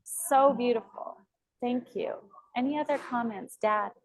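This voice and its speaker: Woman coach, slightly high voice. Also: a little slow, poor audio. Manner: affirming, reflective, asks open questions. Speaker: coach leading a group course call. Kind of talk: group coaching discussion.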